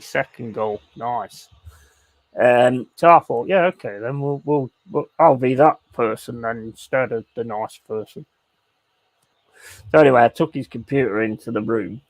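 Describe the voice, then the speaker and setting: A laddish man on a casual live stream, his voice a bit rough and gravelly. He rambles through a story, swearing freely, with asides like "and all this, that and the other." The sound is close and dry, with no room around him. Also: medium pitch, no echo. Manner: rambling anecdote with repeated asides. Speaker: streamer playing a football management game.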